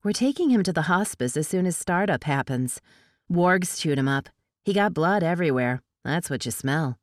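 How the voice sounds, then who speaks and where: A woman's voice: fairly low pitch, expressive, moderate pace, no room sound, clean studio sound, close to an everyday voice. A woman voicing a fierce, defiant young heroine. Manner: firm, shouting commands.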